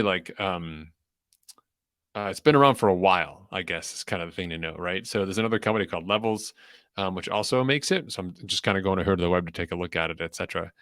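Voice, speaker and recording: A man's voice: low-pitched, a bit bright, dry recording, studio quality. A young adult man hosting a podcast in a loose, rambling way, full of fillers and restarts. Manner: rambling, filler-heavy, self-interrupting. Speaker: podcast host. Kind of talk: casual chat.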